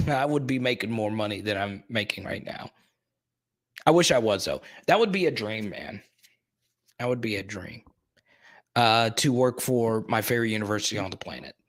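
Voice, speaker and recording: Excitable man hosting a sports stream. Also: medium pitch. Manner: excitable, talks straight to the chat, repeats himself. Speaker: sports live stream host. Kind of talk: casual live stream chat.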